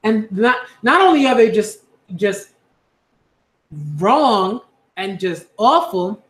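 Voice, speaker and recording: A man's voice: high-pitched, animated, takes it slowly, fairly bright tone, roomy sound. A man speaking earnestly in a casual monologue, repeating himself with many fillers and restarts. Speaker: YouTube commentator.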